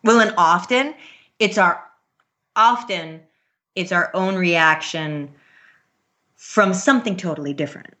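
A woman in her thirties in casual conversation about parenting, earnest and quick to laugh, with many restarts. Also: lowish voice, pushed and bright. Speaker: parent guest. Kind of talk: casual podcast chat.

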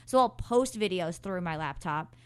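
A woman's voice: lowish voice, animated, moderate pace, smooth, no echo. A woman chatting as a podcast guest, bubbly and gushing, with frequent ums and likes. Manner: bubbly, gushing, lots of fillers. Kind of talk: casual podcast chat.

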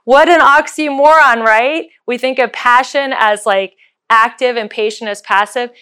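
A woman's voice: fairly high pitch, unhurried, clean tone. Upbeat woman telling a motivational story. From United States. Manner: animated, acts out voices in her story. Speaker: speaker giving a motivational talk.

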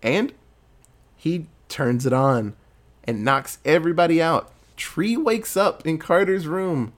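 A man recaps a film plot in a loose, casual way, cursing often and keeping the story moving. His voice sits a little higher than most men's. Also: a little slow. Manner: profane, animated storytelling. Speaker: movie recapper.

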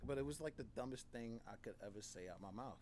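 A man chats as a guest on a casual podcast, his voice sitting at an ordinary middle pitch. He tells blunt, profanity-laced stories in a meandering, conversational way. A constant background noise runs beneath his voice. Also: expressive, moderate pace. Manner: candid, profane storytelling; loose, conversational, frequent "like" and "you know".

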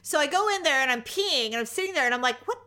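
Bright, animated woman telling stories. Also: sits high, racing. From Northern California. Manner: animated storyteller, acts out quoted voices. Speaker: podcast co-host. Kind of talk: casual chat.

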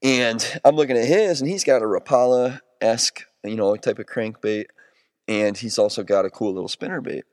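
Male podcast host, mid-range voice, chatty storyteller with animated peaks, dry studio sound. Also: moderate pace, dry recording. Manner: animated, with sudden jumps to excited highs; rambling with restarts and self-corrections. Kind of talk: casual storytelling monologue.

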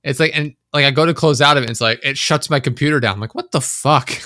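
A man's voice: mid-range voice, rapid-fire, sharp tone, dry recording, studio quality. A man co-hosting a podcast, chatting casually, swearing freely and acting out his own frustrated reactions. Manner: swears freely, acts out frustrated inner monologue. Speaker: podcast co-host. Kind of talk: casual chat.

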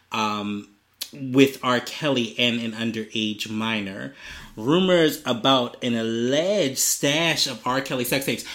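A man's voice: mid-range voice, pushed and bright, reverberant. A man co-hosting a casual podcast in a basement, reading news headlines and adding profane asides. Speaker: podcast co-host. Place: basement studio.

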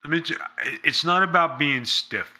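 A man's voice: a little high, normal speed, pushed and bright. A man being interviewed, talking in a blunt, emphatic way and swearing freely. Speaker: interview guest, former pro wrestler. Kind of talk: casual interview storytelling.

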